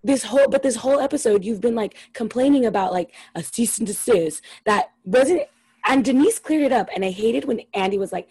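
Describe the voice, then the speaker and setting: Profane ranting young woman, breathy. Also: on the high side, lively intonation, brisk, warm tone, no room sound, rough recording. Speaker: podcast co-host. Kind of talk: casual chat recapping a reality show.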